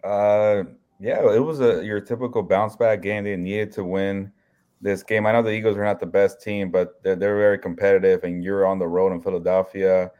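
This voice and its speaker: A man co-hosting a sports podcast who gives measured, plain-spoken analysis with lots of "uh" fillers. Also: on the low side, steady tone, dark tone, lo-fi sound. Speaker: podcast co-host.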